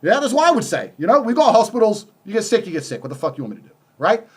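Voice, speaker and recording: A man's voice: high voice, very animated, racing, a little hiss or hum. A man ranting in a heated, profane and sarcastic way during a conversation. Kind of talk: conversational rant.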